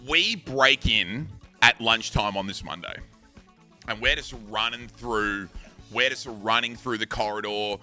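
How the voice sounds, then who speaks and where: A man in his thirties recounting an anecdote in a loose, animated way, with crude words slipped in throughout. His voice sounds piercingly bright and sharp, and faint music plays behind him. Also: fairly low pitch, a little slow. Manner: animated, swears, acts out shouts. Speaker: streamer. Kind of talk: casual storytelling.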